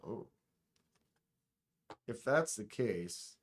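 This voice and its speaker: A man hosting a casual live stream, joking around and talking straight to his chat with quick exclamations. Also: fairly low pitch, lively intonation. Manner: playful, joking, talks to chat directly; exclaims short interjections. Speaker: livestream host.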